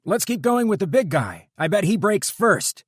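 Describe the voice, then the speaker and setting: A man's voice: medium pitch, lively intonation, normal speed, no echo, clean studio sound, pitched above the performer's own voice, close to an everyday voice. A man voicing a determined young man who interrogates captors coldly in an audiobook. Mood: commanding. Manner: cold, commanding, relentless. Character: determined young man hunting kidnapped fiancée.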